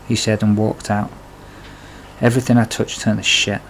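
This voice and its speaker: A man's voice: fairly low pitch, flat delivery, normal speed, a little hiss or hum, low-quality recording. A man narrating his own life story in a plain, confessional way, with blunt swearing. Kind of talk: memoir storytelling.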